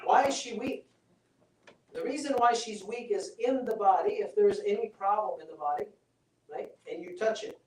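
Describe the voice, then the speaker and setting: Recorded through a distant mic in a roomy seminar room with slight background noise, a man leads a live health talk and demonstration. Persuasive and conversational, he keeps checking in with the audience, his high-pitched, darkish voice moving at a normal speed.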